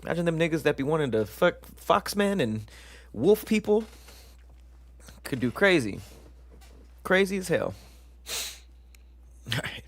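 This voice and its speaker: A man's voice: fairly high pitch, big pitch swings, normal speed, pauses often, no room sound. A man hosting a casual live stream, joking with chat and stumbling over long science words as he reads them aloud. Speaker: livestream show host.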